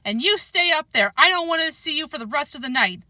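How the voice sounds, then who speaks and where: A woman voicing a stern, exasperated mother who scolds her son with sharp, clipped commands in a storybook reading. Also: high-pitched, animated, fairly quick, no echo, clean studio sound, voice pushed up, full character voice. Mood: scolding.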